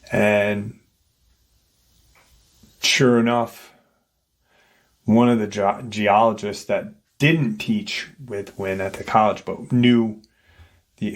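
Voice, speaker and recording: A man hosting his channel, slowly retelling an eerie encounter in casual, rambling storytelling and acting out the voices he quotes. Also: fairly low pitch.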